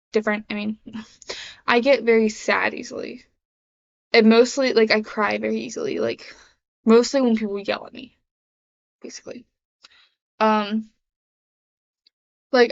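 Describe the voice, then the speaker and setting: Halting young woman vlogging, lo-fi sound. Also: fairly high pitch, vocal fry. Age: young adult. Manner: rambling, halting, many fillers and restarts. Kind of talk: casual confessional vlog. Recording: dull lo-fi sound.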